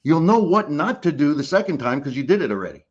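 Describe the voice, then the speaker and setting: A man's voice: on the high side, sing-song, fast talker, breathy edge, lo-fi sound. A middle-aged man, a guest life coach, giving an emphatic motivational talk on a call, repeating key phrases for effect in a blunt, casual way.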